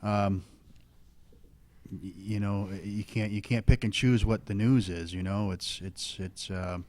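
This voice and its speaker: A man's voice: fairly low pitch, fairly even intonation, unhurried, a little mellow. A man in his thirties, a local stock car driver, chatting casually and rambling with lots of fillers. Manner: plainspoken, rambling with many fillers. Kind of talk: casual radio talk.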